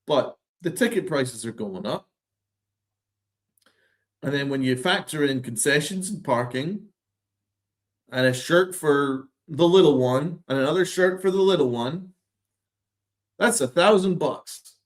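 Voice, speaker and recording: Man, slightly higher voice, sarcastic ranting podcast host, exasperated and profane. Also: a little slow, pauses often. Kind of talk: ranting sports commentary.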